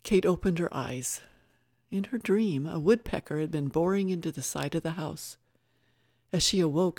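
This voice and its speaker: A woman narrating a novel in a measured, even reading manner. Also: deep voice, gravelly, dry recording, clean studio sound. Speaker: audiobook narrator. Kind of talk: scripted narration.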